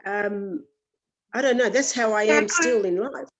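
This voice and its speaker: A woman's voice: a little high, measured pace, over music. A woman taking part in an online workshop over a video call, speaking hesitantly and searching for words. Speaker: workshop participant.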